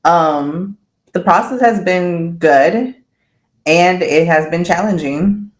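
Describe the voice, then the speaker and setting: A woman's voice: on the low side, slow. Candid, laughing woman chatting. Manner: candid, swears freely, laughs often. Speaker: podcast guest. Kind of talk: casual chat.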